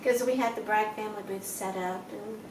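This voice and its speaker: A woman's voice: mid-range voice, steady tone, brisk, darkish tone, slight background noise. A woman casually chiming in and teasing as she and her husband tell how they met. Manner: chimes in, teasing, laughs often. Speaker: wife telling the story with her husband. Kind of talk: casual chat. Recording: roomy echo, distant mic.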